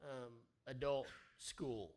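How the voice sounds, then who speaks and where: A man's voice: medium pitch, slow, a little mellow. A man pastor who cuts in with playful remarks during a sermon. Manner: playful interjections. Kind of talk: sermon, casual chat.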